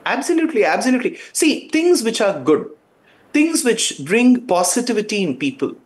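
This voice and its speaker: A man's voice: high voice, huge pitch swings, unhurried. A man, a guest giving fervent, emphatic commentary on a talk show.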